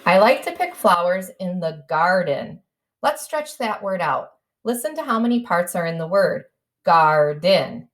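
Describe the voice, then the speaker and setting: A woman's voice: fairly low pitch, sing-song, unhurried. A woman teacher modelling how to write a story for young children, stretching words into sounds and coaxing them to spell along. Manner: sing-song, stretches out sounds and letters. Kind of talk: early-grade writing lesson.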